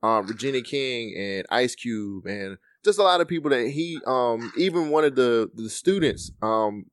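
Lively podcast co-host man. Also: mid-range voice, moderate pace, no echo, studio quality. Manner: animated, acts out movie lines in quotes. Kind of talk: casual movie discussion.

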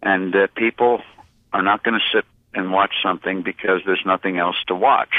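A man with a very low voice answers interview questions slowly and haltingly, stopping often on filler sounds and restarting his phrases. The sound is thin and phone-like, with no room around it. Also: steady tone, dry recording. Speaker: interview guest, publisher. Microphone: phone line. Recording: tinny phone line, dry.

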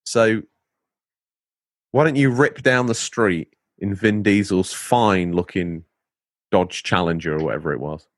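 A man's voice: sits low, a little slow, long pauses, no room sound, clean studio sound. A young man with an English Lincolnshire accent, co-hosting a casual chat in a jokey, playful way. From England. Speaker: podcast co-host.

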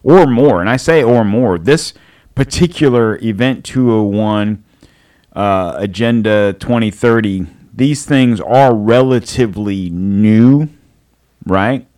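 A man's voice: lowish voice, slow pace, darkish tone. A man co-hosting a podcast in casual chat, rambling and joking, laughing often. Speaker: podcast co-host.

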